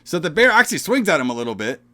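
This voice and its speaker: A man's voice: fairly high pitch, sing-song, rapid-fire, bright, forceful tone. A man co-hosting a casual horror movie podcast, talking loosely and profanely, full of "bro" and "all right?". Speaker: podcast co-host.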